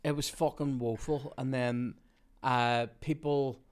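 Sweary, animated male podcast host. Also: mid-range voice, takes it slowly, smooth. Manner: animated, sweary anecdote-telling with frequent laughs. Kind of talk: casual storytelling chat.

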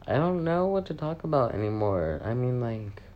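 A woman's voice: extremely low pitch, big pitch swings, normal speed, highs cut off. A young woman rambling through a casual confessional vlog, swearing often and mocking herself. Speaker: vlogger.

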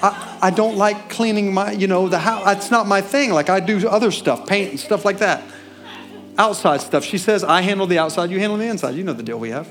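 A middle-aged man preaching a sermon, telling a personal story and building to loud, fervent peaks. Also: sits high, brisk.

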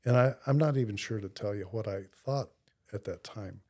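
Male podcast guest, husky and mellow, reflective storyteller. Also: on the low side. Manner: earnest, reflective storyteller with slow pauses. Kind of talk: personal faith testimony in conversation.

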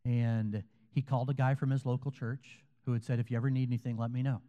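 A man's voice: medium pitch, flat delivery, fast, dark tone, in a large hall, lo-fi sound. A man preaching a sermon as a pastor, in a conversational way, telling stories and quoting other people. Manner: conversational preaching, storytelling with quoted voices.

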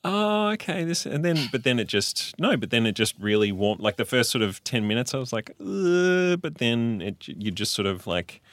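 A man in his thirties co-hosting a podcast, talking about a film in a halting way and leaning on "like". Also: fairly low pitch, no echo. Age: 30s. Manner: animated, halting, leans on "like". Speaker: podcast co-host. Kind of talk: casual film discussion.

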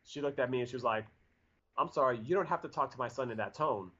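A man's voice: medium pitch, fast talker, a bit bright. A man in his forties telling a story in a casual chat, rambling with lots of fillers and restarts. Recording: dull lo-fi audio.

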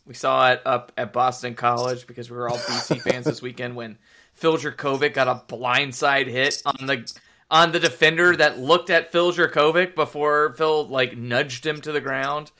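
A man's voice: medium pitch, flat delivery, moderate pace, bright, forceful tone. A man co-hosting a sports podcast, talking casually and rambling off topic with the odd swear. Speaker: podcast co-host.

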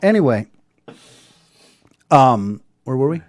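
A middle-aged man hosting a live local show, joking loudly and laughing often. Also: medium pitch, very animated, takes it slowly. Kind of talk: rowdy live-stream banter.

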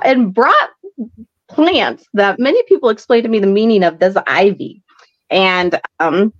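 A woman's voice: mid-range voice, lively intonation, measured pace, highs cut off. A woman hosting a podcast, recapping an episode in a chatty, rambling way full of fillers. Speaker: podcast host.

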